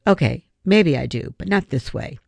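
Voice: medium pitch, lively intonation, moderate pace, creaky, a little mellow, no echo. A reader voicing a reluctant, worried boy who refuses his friend, in an audiobook. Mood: anxious. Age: young boy. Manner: anxious, refusing. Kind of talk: audiobook character voice.

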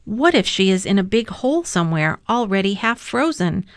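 A proud, sharp-tongued young boy who speaks bluntly and tends to accuse, as a woman reading a storybook puts him on. His voice sits in a middle pitch, recorded dry and close. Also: big pitch swings, normal speed, no echo. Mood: worried.

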